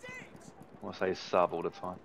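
A man's voice: low-pitched, wildly swooping pitch, normal speed, gravelly, background noise. A man streaming a game, chatting casually, swearing often and reading out viewer comments. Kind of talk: casual gaming stream chat.

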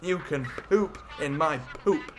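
A young man giving excitable, jokey gameplay commentary as a gaming YouTuber. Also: fairly high pitch, slow, faint music behind. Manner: excitable, jokey, swears and laughs often.

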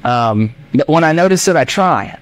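Animated joking male pastor. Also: a little high, normal speed. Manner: animated, jokey, acts out voices of the congregation. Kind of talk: sermon. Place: church.

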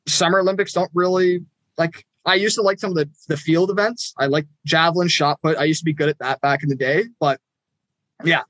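A young Canadian man co-hosting a podcast, swearing freely and laughing as he rants. His voice sits a little high and sounds bright and sharp. The recording is dry and close. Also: steady tone, brisk, no echo. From Ontario, Canada. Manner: profane, joking, laughs often. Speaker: podcast co-host. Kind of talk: casual chat.

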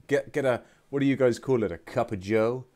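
A British man, a voice actor streaming a game, chatting excitedly with viewers and reading their messages aloud with playful theatrical outbursts. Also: mid-range voice, a little fast. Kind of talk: live-stream chat with viewers.

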